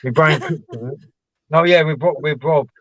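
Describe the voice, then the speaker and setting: A man's voice: fairly high pitch, moderate pace, fairly bright tone, dry recording. A man telling rambling, laughing anecdotes as co-host of a live stream. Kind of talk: casual storytelling chat. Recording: dull lo-fi dry stream audio.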